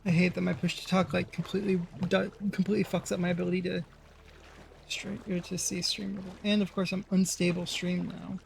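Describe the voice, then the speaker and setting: A man's voice: high voice, little pitch movement, fairly quick, creaky, faint music behind. A man streaming a game live, rambling to himself and swearing as he plays. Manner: rambling, swears, talks to himself while playing. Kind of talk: live gameplay commentary.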